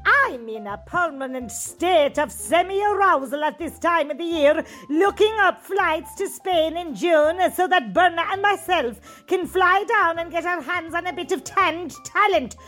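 Woman voicing a brash, shameless north lady, squeaky high, music under. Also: lively intonation, measured pace, hardly any pauses, fairly bright tone, full character voice. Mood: bawdy. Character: randy middle-aged North Cork woman. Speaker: letter writer. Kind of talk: comic monologue.

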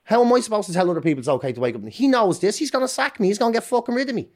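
A middle-aged Irish man talking as a podcast guest, telling his story candidly in a fast, swearing, self-interrupting way. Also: high-pitched, animated. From Ireland.

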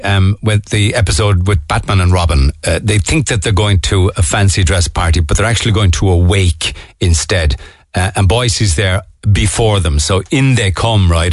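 A man's voice: lowish voice, dry recording, clean studio sound. A man hosting a radio show, chatting casually with rambling jokey asides. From Ireland. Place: radio studio. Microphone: studio microphone.

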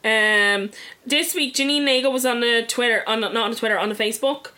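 Bright-voiced woman co-host. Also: a little high. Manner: playful, laughs often, quick asides. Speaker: podcast co-host. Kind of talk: casual chat.

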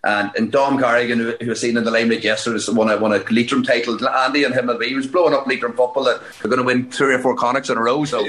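A man's voice: medium pitch, fairly even intonation, a bit bright, echoey room. A man in his forties from Fermanagh with a Northern Irish accent, a guest coach telling stories in a casual interview, full of restarts and chuckles. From Fermanagh, Northern Ireland. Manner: rapid storytelling, many restarts and chuckles. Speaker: guest, Gaelic football coach.

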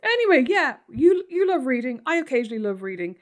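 A woman co-hosting a podcast with her sister, teasing her and telling stories in a lively, casual way. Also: high-pitched, fast talker. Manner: teasing, animated storyteller. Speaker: podcast co-host. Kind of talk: casual chat.

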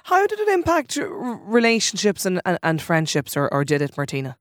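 A woman hosts a radio interview, asking gentle questions in a halting way. Her pitch moves a lot, and her voice sounds dry and close. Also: huge pitch swings, dry recording. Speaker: radio host.

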